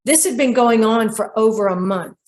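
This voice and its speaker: A middle-aged woman hosts a show on dreams, with a voice pitched a little high. She tells a client's story in an animated way and acts out what each person said. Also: moderate pace. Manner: animated storyteller who quotes people directly. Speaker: radio show host and dream interpreter. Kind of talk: storytelling monologue.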